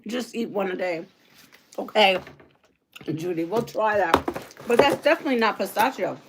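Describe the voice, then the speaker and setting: A middle-aged woman hosting a casual livestream, chatty and excitable, greeting viewers and reading their comments aloud. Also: medium pitch, slight background noise. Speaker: livestream host. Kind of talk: casual live chat while unboxing.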